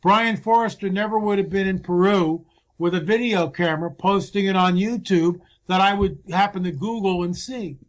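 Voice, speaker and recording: Man, high voice, emphatic, impassioned, conversational guest. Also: moderate pace. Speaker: field researcher guest. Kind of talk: casual conversation.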